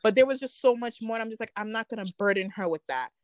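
A woman's voice: fairly high pitch, lively intonation, fast, dry recording. A young woman in casual conversation, telling candid, emotional stories and acting out what people said. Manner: candid, emotional storytelling with quoted dialogue. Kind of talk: casual chat.

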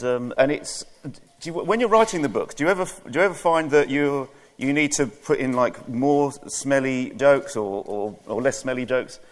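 Stage interviewer, man; mid-pitched, animated, halting and repetitive. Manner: halting, restarts questions.

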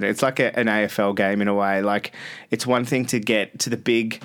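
A man's voice: fairly low pitch, moderate pace, fairly bright tone, clear, resonant tone. Aussie radio guy chatting on a podcast, laid-back, rambly, um's and laughs. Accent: Australian. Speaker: radio host, interview guest. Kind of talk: casual podcast interview.

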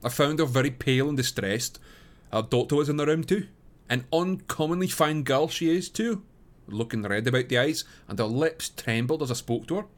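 A man's voice: mid-range voice, animated, normal speed, natural voice. A man doing a boastful police inspector. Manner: boastful storytelling. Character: self-satisfied male police inspector, boastful. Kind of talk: dramatic reading aloud.

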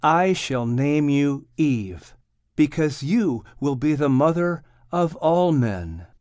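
Man doing tender first man, slow, solemn, higher than his own voice, dry read. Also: big pitch swings, a little mellow, dry recording, full character voice.

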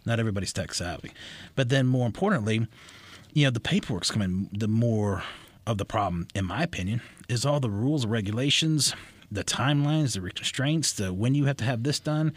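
A husky-voiced man hosts a talk radio show. He chats loosely and jokes with his guests. His sentences often restart mid-thought, and his pitch sits in the middle range. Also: expressive, brisk, no room sound. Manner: chatty, joking, loose with restarts. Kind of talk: casual talk radio chat.

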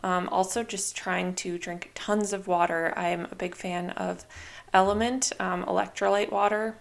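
A young woman hosting her own podcast in a casual, chatty way, full of "like" and "you know", now and then quoting herself in lively voices. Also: mid-range voice, normal speed, creaky. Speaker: podcast host. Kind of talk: casual solo podcast talk.

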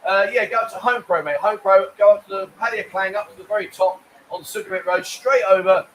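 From a bar lounge, a man hosts a live stream in a rather high, slightly bright voice, talking a little fast. He chats casually and rambles, reading viewer comments aloud and making cheeky jokes. The low-quality recording carries slight background noise.

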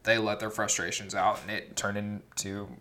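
A man's voice: on the low side, flat delivery, moderate pace, sharp tone. A man co-hosting a podcast, telling the story of a trip in an easygoing, detailed way. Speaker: podcast co-host. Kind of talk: casual storytelling chat.

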